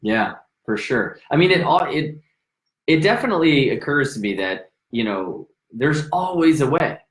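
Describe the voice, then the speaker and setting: Male host, mid pitch, reflective and musing, echoey room sound. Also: very animated, moderate pace. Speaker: podcast host. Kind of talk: casual conversation. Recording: roomy echo.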